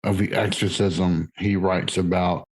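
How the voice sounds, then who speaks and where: Deep-voiced curious podcast host. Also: male voice, level tone, a little slow, breathy edge, rough recording. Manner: curious, hesitant with fillers. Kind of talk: interview questions.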